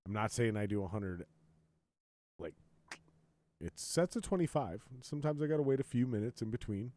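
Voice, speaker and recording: A man hosting a podcast, telling stories in a profane, ranting way and loudly acting out what others said. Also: mid-range voice, animated, normal speed, no room sound. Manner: profane, ranting storyteller, quotes others in raised voice. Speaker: podcast host. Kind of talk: casual chat.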